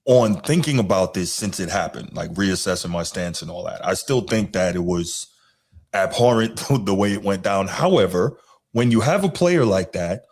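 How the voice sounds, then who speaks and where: A male podcast host with a very deep voice talks in a casual, hesitant way. He often pauses, restarts and fills gaps as he works through his point. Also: animated, darkish tone. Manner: hesitant, lots of "you know" and restarts. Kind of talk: casual chat.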